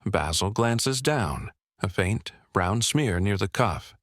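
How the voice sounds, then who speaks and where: A man narrating a village mystery story in a measured, even storytelling delivery. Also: lowish voice, no room sound, clean studio sound. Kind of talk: scripted audiobook narration.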